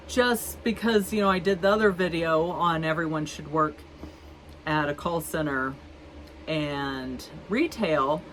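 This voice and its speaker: Lady in her 50s rambling through a work story, lower voice, unhurried, faint hum behind. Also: a bit bright, rough recording. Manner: chatty and rambling, with many fillers and restarts. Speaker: vlogger. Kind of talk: casual storytelling to camera.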